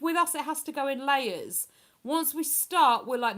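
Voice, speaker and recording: A woman's voice: sits high, expressive, moderate pace, a bit bright. Chatty woman hosting a live stream. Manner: chatty, rambling, with many fillers. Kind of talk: casual live-stream chat, reading viewer comments.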